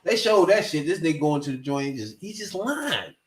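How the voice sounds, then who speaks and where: A man's voice: fairly high pitch, lively intonation, a little fast. A man hosting a podcast, talking animatedly in profane street slang and laughing often. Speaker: podcast host. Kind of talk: casual chat. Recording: roomy echo.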